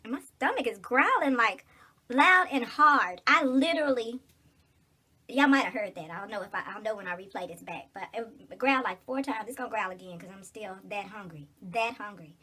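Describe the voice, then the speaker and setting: A woman talks straight to her viewers in a loose, rambling vlog, joking as she goes. Her voice is bright and a little husky, pitched slightly high. She speaks with plenty of casual slang. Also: lively intonation, normal speed. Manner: chatty, loose and joking, with slangy informal speech. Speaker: vlogger.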